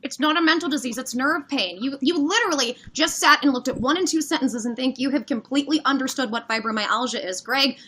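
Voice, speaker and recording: A woman's voice: high voice, fairly quick, hardly any pauses, fairly bright tone, breathy edge. A woman with a Midwestern American accent arguing heatedly on a livestream, talking over the other person with sarcasm. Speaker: livestream debater.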